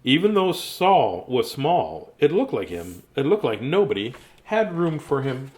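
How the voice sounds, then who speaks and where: A chatty man reading a picture book aloud, laughing often and wandering off into asides. His pitch moves in a lively way from line to line. The voice sits in a middle register. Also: unhurried. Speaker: children's book reader. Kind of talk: casual storybook reading.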